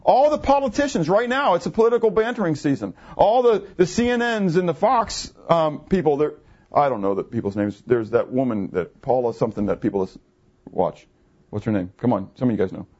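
A man's voice: fairly high pitch, big pitch swings, brisk, darkish tone, breathy edge. A man in his fifties preaching a conversational sermon, asking his listeners questions and answering them himself. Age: 50s. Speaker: pastor. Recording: muffled, lo-fi recording.

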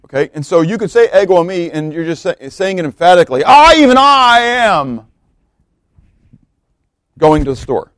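A man preaching a verse-by-verse sermon, reading scripture aloud, swelling on key words and dropping low, often asking his listeners questions. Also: quick pace, few pauses, a little mellow, dry recording, clean studio sound. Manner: emphatic, swells on key words then drops low, asks the congregation questions. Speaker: pastor.

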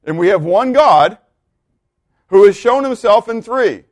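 A man's voice: high voice, lively intonation, darkish tone, dry recording. Preacher man asking his flock questions. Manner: teaching with rhetorical questions to the congregation; reads scripture aloud slowly and with emphasis. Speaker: pastor. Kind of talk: sermon.

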